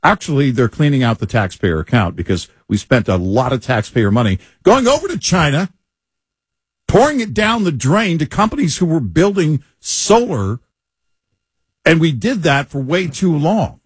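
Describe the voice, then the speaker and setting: A man's voice: on the high side, very animated, moderate pace, slightly rough, dry recording, studio quality. A man co-hosting political talk radio, agreeable and matter-of-fact, backing up his partner. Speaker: radio co-host.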